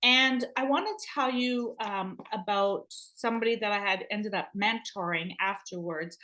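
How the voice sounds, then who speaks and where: A middle-aged woman medium telling stories in a casual, animated way, acting out what people said. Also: medium pitch, moderate pace. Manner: animated, acts out dialogue in quotes. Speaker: spiritual medium. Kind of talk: conversational storytelling.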